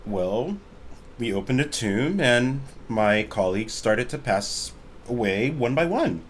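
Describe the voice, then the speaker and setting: A chipper young archaeologist woman from a wealthy family, bubbly and blunt, as a man puts her on. Her tone swings up and down with lively energy, and a faint hiss sits behind it. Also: mid-range voice. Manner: bubbly, blunt, fast-talking. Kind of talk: voicing a character in a tabletop game.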